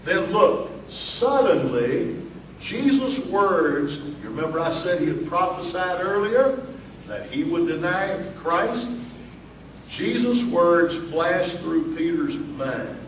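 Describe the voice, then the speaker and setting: Southern male pastor, folksy sermon, slightly high voice, distant mic in a reverberant room. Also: expressive, takes it slowly, fairly bright tone, a little hiss or hum. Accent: Southern US (Alabama). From Alabama, US. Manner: folksy, many fillers and asides.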